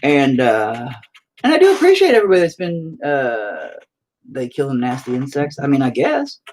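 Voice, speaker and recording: A livestreaming painter with a mid-range voice and wildly swooping pitch chats at normal speed while he paints, reading viewer chat. His talk is rambling, profane, and self-mocking, a casual stream conversation. Slight background noise sits under the audio.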